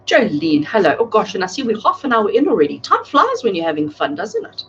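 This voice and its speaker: A woman's voice: mid-range voice, wildly swooping pitch, fairly quick, a bit bright, muffled recording, slight background noise. A woman giving tarot readings on a live stream, talking chattily and addressing viewers by name. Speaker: tarot reader. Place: home, speaking live to a camera.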